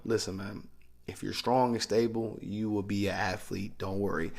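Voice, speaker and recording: A man's voice: lowish voice, fairly even intonation, normal speed. A man talking as a strength coach, explaining training methods in a loose, conversational way. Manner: conversational, loose, with restarts and asides. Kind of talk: casual instructional talk.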